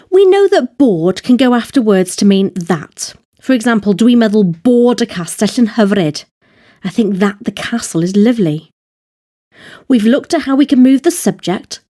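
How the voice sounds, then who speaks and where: A woman narrating a scripted language lesson, explaining grammar slowly and carefully, step by step. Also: a little high, mellow. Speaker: Welsh language teacher.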